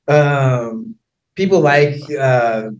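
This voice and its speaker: This American man talks with an American accent at a middle pitch, chatting casually as a podcast guest. He is animated and laughs often, with plenty of "um" and "like" as he goes. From United States. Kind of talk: casual interview chat.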